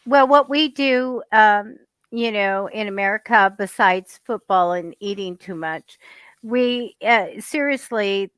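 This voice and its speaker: A woman from California chatting casually as a guest, telling stories in an animated way. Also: medium pitch, slow pace, clean tone, dry recording. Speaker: psychic guest. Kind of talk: casual chat.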